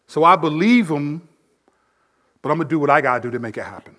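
A man preaching a sermon as pastor, building emphasis with sudden swells in volume and dropping low to make a point. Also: expressive, fairly quick, pauses often, fairly bright tone.

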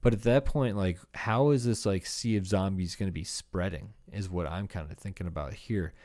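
A man's voice: low voice, normal speed, darkish tone. A young man from Iowa, a comedian hosting a podcast alone, rambling through a profane comedic rant with laughing asides. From Iowa, USA.

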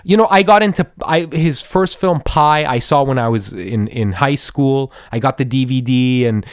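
Podcast host, man in his 30s, mid-pitched, dry close mic, excitable and profane with lots of false starts. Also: normal speed, smooth, no echo. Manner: gushing, profane, repeats "dude" with stammering restarts. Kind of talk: excited film review monologue.

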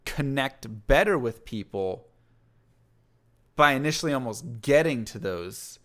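A man talking in a casual conversation, energetic, often checking in with "right?" and acting out little quoted lines. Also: mid-range voice, unhurried.

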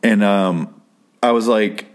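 A man with a fairly low voice tells a personal story in a loose, casual way. He wanders off on side tangents and swears freely as he talks. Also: slow pace. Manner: rambling, profane, digressive.

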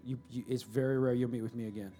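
A pastor giving a sermon in a church, swinging between loud shouted storytelling and quiet, earnest asides. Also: male voice, medium pitch, fairly even intonation, fast talker, faint music behind.

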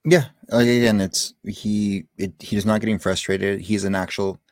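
A man with a very deep voice weighs in as a panelist on a sports talk show. He speaks emphatically and keeps restarting his points. The recording is dry and close. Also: steady tone, normal speed, no room sound.

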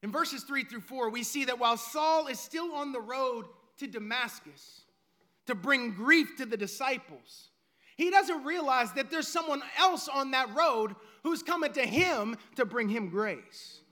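A male pastor delivering a sermon in an unusually high, very bright voice with a tense edge. He preaches slowly and dramatically, letting some lines drop low and quiet and then driving others up to a loud, emphatic pitch. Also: lively intonation.

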